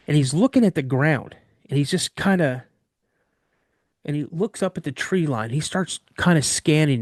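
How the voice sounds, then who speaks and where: A man casually recounting a story from his childhood in first person, animated and vivid, often restarting mid-sentence. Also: fairly high pitch, no room sound, clean studio sound. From Washington state. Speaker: guest telling an encounter story.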